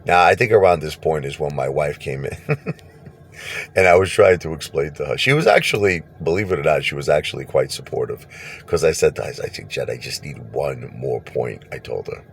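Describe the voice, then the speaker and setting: A man telling a personal story casually, animated, laughing and acting out what people said. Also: extremely low pitch, fairly quick. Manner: animated, laughs and acts out quotes.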